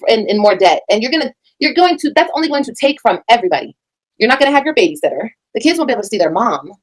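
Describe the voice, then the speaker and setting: A woman's voice: on the high side, sing-song, racing, poor audio. A woman reacting to a recording, blunt, profane and emphatic in her commentary. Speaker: reaction streamer.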